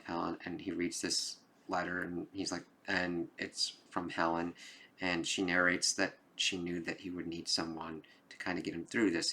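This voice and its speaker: A film reviewer speaks in a deep, pushed, bright voice. He gives a casual spoken movie review, rambling loosely with plenty of "like" and "kind of" and the occasional emphatic curse.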